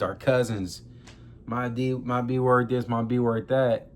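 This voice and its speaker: A grieving young vlogger, close to tears, tells a personal story to camera in loose slang, calling his viewers y'all. His voice is medium-pitched, with slight background noise.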